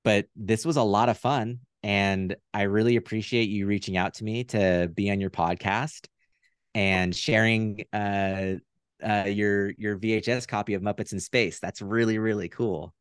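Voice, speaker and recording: Male guest, low voice, dry sound, relaxed and rambling on a video call. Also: a little slow, smooth, dry recording. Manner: relaxed, rambling, many fillers. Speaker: puppeteer guest. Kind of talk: casual interview chat. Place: home room via video call.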